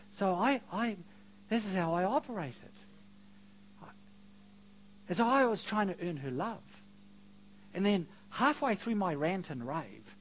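A middle-aged man preaching a sermon, telling a personal story with self-mocking asides and swings between quiet and loud. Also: sits high, a little hiss or hum.

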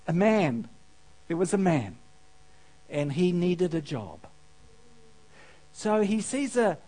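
Male preacher, sermon storytelling, lively up-and-down pitch, unhurried pace. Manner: storytelling, asks the audience questions, laughs at own jokes. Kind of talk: sermon with a humorous parable.

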